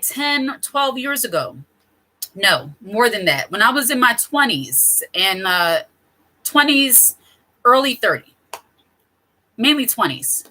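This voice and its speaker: A woman in her thirties talks straight to her viewers in a loose, candid way, stopping to correct herself and laughing softly along the way. Her voice sits a touch high, with a bright, forceful edge. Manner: candid, chatty, self-correcting with small laughs. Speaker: channel host. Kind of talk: casual talk to camera.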